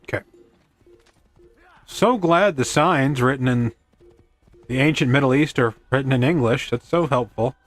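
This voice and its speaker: A man's voice: medium pitch, measured pace, long pauses. A man streaming a video game, rambling through casual commentary with self-deprecating quips and chatting to his in-game horse. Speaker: gaming streamer.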